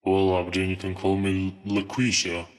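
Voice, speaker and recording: A man's voice: low voice, completely flat delivery, moderate pace, echoey room, pitched below the performer's own voice, lightly acted. A young man voicing God as a dry, mildly scolding male deity in a comedy sketch. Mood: calm. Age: teen.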